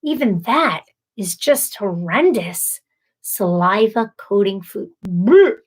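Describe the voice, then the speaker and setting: This woman, in her thirties, rants slowly on a casual live stream in a mid-range, slightly rough voice. Animated and exasperated, she acts out the voices of those she's quoting.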